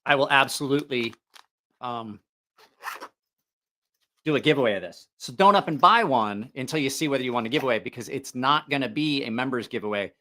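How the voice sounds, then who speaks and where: A man's voice: mid-range voice, lively intonation, fairly quick, long pauses, pushed and bright. A middle-aged man hosting a casual livestream, rambling with lots of fillers and restarts. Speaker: knife channel host.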